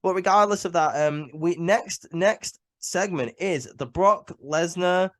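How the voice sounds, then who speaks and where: A man's voice: high voice, measured pace, dry recording. A man who is ill and sniffling, giving a chatty, opinionated solo review full of "um" and "like" and repeated words. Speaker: wrestling show reviewer.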